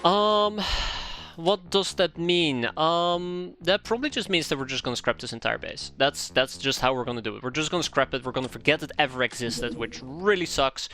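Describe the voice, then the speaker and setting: A man's voice: animated, moderate pace, sharp tone. A man streaming a game live, giving exasperated commentary. He repeats himself, swears now and then, and his voice jumps up when something goes wrong. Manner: exasperated, complains aloud, voice jumps high when upset.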